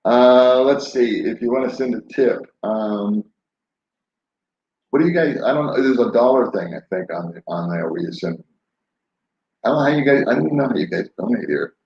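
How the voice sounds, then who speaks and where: A man's voice: medium pitch, expressive, moderate pace, darkish tone. An older man chatting casually on a live stream, rambling and laid-back, laughing often as he answers viewers. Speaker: vlogger answering live chat. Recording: roomy, dull lo-fi sound.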